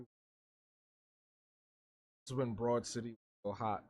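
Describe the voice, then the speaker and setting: A man's voice: mid-range voice, steady tone, unhurried, a little mellow, no echo, studio quality. A young man hosting a live drawing stream, chatting loosely in slang and answering his chat. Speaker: livestreaming artist.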